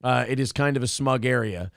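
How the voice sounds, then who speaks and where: A man's voice: mid-range voice, brisk, creaky, no echo, clean studio sound. A man co-hosting a morning talk show, chatting casually, joking, swearing and reading out viewer comments. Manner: loose, swearing, jokey, reads viewer comments aloud. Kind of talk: casual chat.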